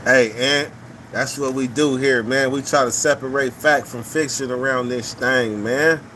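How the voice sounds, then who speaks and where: A man's voice: mid-range voice, steady tone, a little slow, sharp tone, a little hiss or hum, low-quality recording. A man hosting a casual live talk stream, reading viewer comments and giving blunt, profane opinions, often repeating his points.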